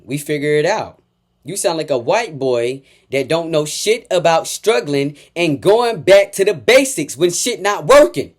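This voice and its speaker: Full of profanity, this man's reaction rant lurches between quiet muttering and sudden loud outbursts as he taunts and hurls the same insults again and again.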